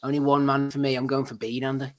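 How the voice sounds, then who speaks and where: Brisk male host running a podcast rundown, mid-pitched. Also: level tone. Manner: brisk, runs the segment, lists items. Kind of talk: casual banter.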